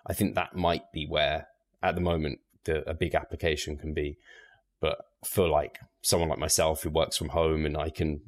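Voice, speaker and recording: A man, a guest on a podcast, talking in a relaxed, measured way with light laughs. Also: very deep voice. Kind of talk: casual podcast interview.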